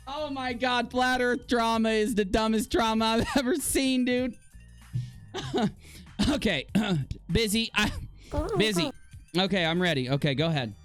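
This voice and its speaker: A man's voice: sits high, expressive, a little slow, faint music behind. A man hosting a casual commentary stream, reading screenshots aloud with a laughing, profane, mocking manner. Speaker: host.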